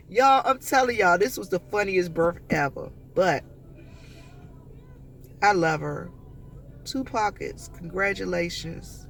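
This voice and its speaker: High gravelly man telling a story. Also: slow pace, pauses often, slight background noise. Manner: chatty, animated storytelling that addresses viewers directly. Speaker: vlogger. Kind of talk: casual story time.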